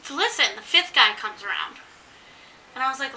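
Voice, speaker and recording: High bright-voiced woman telling a story, echoey room, a bit off mic. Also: brisk, far from the mic, a little hiss or hum. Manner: animated storyteller acting out quotes. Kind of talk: casual chat.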